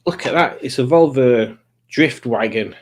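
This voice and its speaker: A man's voice: medium pitch, unhurried. A middle-aged British man hosting a live chat stream, rambling, self-mocking and easily sidetracked. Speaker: livestream host.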